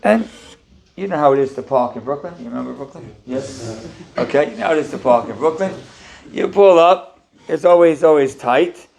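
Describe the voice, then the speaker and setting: Animated rabbi telling a story, gravelly. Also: male voice, fairly high pitch, moderate pace. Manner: animated, conversational, addresses the audience. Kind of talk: storytelling sermon.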